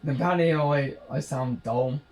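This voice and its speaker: A man's voice: medium pitch, normal speed, darkish tone. A British man giving rambling, jokey gameplay commentary, describing himself as a dull talker. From Britain. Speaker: gaming channel host.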